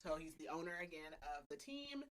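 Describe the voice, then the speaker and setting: A woman with a low voice runs through a book's plot on her podcast at a brisk clip, very animated. She keeps it casual and chatty, laughing often and leaning on plenty of filler words.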